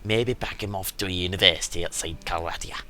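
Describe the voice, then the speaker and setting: A crafty, long-winded town merchant from a medieval game, spoken in a put-on Scottish accent by a man reading his lines aloud. His low voice carries a bright, tense edge, and he lays out his schemes in a hushed, conspiratorial way. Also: brisk, a little hiss or hum. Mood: conspiring. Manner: wordy, conspiratorial storytelling.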